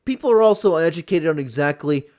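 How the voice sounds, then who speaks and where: A man hosting a casual reaction commentary, excitable and laughing often. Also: fairly high pitch, quick pace. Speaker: host.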